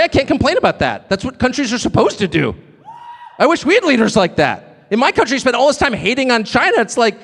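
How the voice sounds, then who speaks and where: Lively high-voiced man, echoey hall. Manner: digressive, joking, emphatic. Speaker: guest speaker at a live event. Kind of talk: live stage speech.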